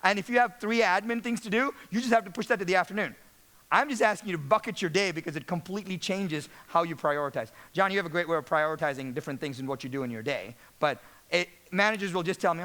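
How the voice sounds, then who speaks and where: A man's voice: a little high, quick pace, fairly bright tone. A man giving a motivational stage talk to sales managers, speaking emphatically and often asking the audience questions.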